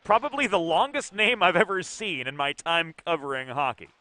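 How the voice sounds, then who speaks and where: A man calling youth hockey play-by-play from an arena, brisk and precise with dry asides. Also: fairly high pitch, pushed and bright. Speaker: play-by-play commentator. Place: ice arena broadcast position.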